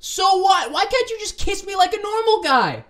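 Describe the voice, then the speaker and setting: A man voicing a bratty young woman from a story he reads aloud, with high, whiny, teasing squeals. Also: sing-song, moderate pace, fairly bright tone, a little hiss or hum, heavily acted. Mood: indignant. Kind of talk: dramatic story reading.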